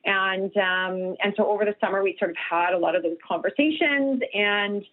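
A woman's voice: mid-range voice, normal speed. A woman, a nutritionist guest speaking earnestly in a radio interview, with many restarts and fillers. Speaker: guest nutritionist and health coach. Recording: tinny phone line.

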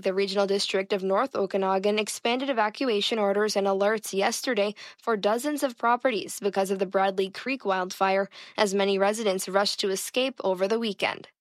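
A woman anchoring a radio newscast in a measured, formal delivery. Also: mid-range voice, no echo, studio quality. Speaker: news anchor. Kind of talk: news reading. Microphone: studio mic.

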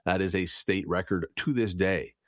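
A man's voice: deep voice, moderate pace, dry recording, clean studio sound. A man hosting a radio show, reading news, gas prices and the day in history in a chatty way with jokes on the side. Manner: lively, chatty, jokes aside. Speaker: radio host. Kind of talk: morning radio news and chat.

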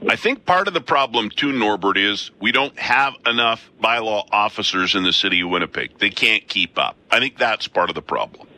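A man's voice: on the low side, expressive, moderate pace, hardly any pauses, pushed and bright. A man hosting a call-in radio talk show from a studio, chatting and thinking aloud. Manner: conversational, thinks aloud with restarts. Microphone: studio mic.

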